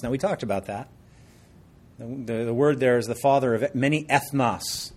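A man preaching a sermon as pastor, explaining scripture and joking with the congregation. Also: mid-range voice. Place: church service before a congregation.

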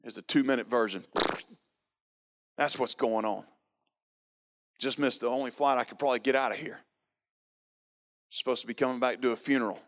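A man's voice: medium pitch, fairly even intonation, a little fast, pauses often, a bit bright. A man preaching, telling a personal testimony emphatically, with lots of repetition. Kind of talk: sermon testimony.

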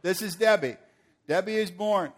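A man preaching a sermon, swinging from forceful declarations to playful banter with volunteers he calls on stage. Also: high-pitched, normal speed. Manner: rises to forceful proclamations, then playful and joking with volunteers. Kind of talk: sermon with live audience demonstration.

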